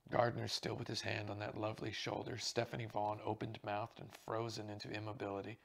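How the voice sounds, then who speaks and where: A man with a gravelly, husky voice, steadily reading a mystery novel aloud. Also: fairly low pitch, monotone, brisk. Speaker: audiobook reader.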